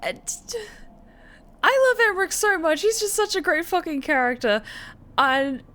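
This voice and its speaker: A woman streamer gives casual commentary on a game in a high voice. She gushes, swears freely and laughs often between remarks. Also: sing-song, a little slow, pushed and bright.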